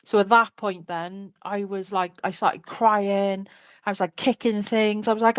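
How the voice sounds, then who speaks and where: A woman's voice: mid-range voice, fairly even intonation, moderate pace, no room sound. A woman, an interview guest candidly recounting a personal story in a chatty way, full of "like" and "you know".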